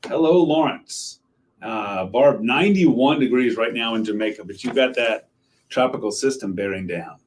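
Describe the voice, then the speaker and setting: A man's voice: mid-range voice, normal speed. A man, a TV meteorologist giving a casual live weather update, chatting and joking with viewers and greeting them by name. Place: TV station weather set.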